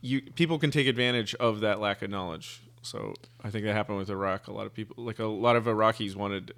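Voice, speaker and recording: A man's voice: lowish voice, brisk, a bit bright. A man, a physicist guest, explaining his views in a thoughtful, hesitant way with many fillers. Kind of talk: casual conversation.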